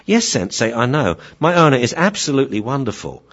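A man's voice: mid-range voice, very animated, brisk, fairly bright tone, pitched above the performer's own voice. A man voicing an anxious young dog who asks his wise teacher for advice, talking in an eager, fretful, pleading way. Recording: dull lo-fi recording.

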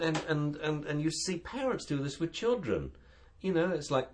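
A man's voice: fairly high pitch, lively intonation, moderate pace. A man who trains dogs, chatting on a talk show and acting out dogs and owners in funny voices. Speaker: dog trainer and show guest expert. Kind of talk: casual radio chat.

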